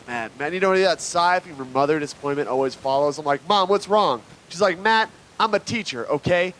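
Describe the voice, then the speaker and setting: A man's voice: high voice, bright, forceful tone, slight background noise, rough recording. A man doing a live stand-up set on a club stage, brash and riffing with the crowd. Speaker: stand-up comedian.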